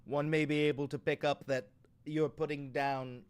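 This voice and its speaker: A man hosting a casual livestream, joking with chat, swearing freely, swinging between loud and quiet talk at a home microphone. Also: fairly high pitch, level tone, normal speed, clear, resonant tone. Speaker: livestream host. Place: home room. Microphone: studio microphone.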